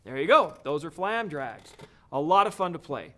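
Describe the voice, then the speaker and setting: A man's voice: on the high side, sing-song, normal speed, heavy background noise. A man teaching a drum lesson, explaining each step in an encouraging way. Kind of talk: video lesson.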